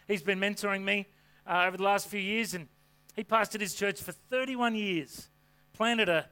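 A man preaching a sermon to a congregation from a church stage, with an energetic, folksy delivery full of rhetorical questions. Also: sits high, smooth. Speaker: pastor.

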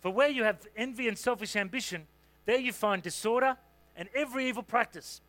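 A man's voice: very high voice, a little fast, a bit bright, no room sound. A man preaching a sermon in a conversational, humorous way, with asides and fillers. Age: adult parent.

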